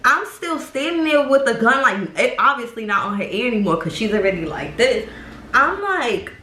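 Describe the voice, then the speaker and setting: Animated young woman in an echoey room. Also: a little high, normal speed, slight background noise. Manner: animated, profane, acts out voices. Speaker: YouTuber telling a story. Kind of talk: casual story time.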